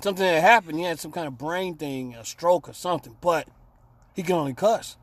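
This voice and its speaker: A man's voice: fairly high pitch, a little fast, dry recording. A man on a radio talk show telling a rambling, profane story and acting out the quotes. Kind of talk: casual storytelling chat.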